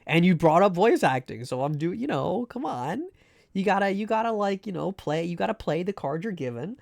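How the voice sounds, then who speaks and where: A man's voice: high-pitched, big pitch swings, a little fast, gravelly. A man streaming a game live, rambling and joking with many fillers and restarts. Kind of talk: casual live-stream chat.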